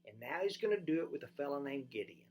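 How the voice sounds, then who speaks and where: Talking fast and with real animation, a pastor poses direct questions to listeners during a sermon, alternating loud emphasis with hushed, low delivery.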